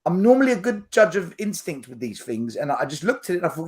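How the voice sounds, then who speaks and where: A man's voice: a little high, very animated, fast. Blunt, emphatic podcast host man. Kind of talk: casual podcast chat.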